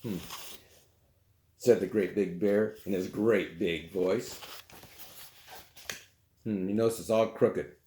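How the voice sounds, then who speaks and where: A man's voice: low-pitched, fairly even intonation, slow, long pauses, warm tone, a little hiss or hum. A man reading a children's storybook aloud, with chatty asides. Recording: roomy echo.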